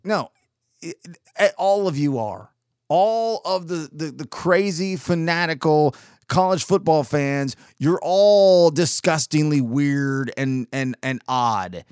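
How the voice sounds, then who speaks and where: A man's voice: a little high, slow pace, darkish tone, clear, resonant tone, dry recording. Rambling, exasperated man, dry close sound. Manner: rambling, exasperated, frequent restarts. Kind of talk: casual monologue.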